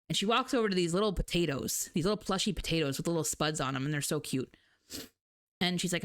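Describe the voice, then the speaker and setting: A woman streamer in a chatty, animated casual talk, laughing often. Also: fairly low pitch, quick pace. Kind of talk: casual chat.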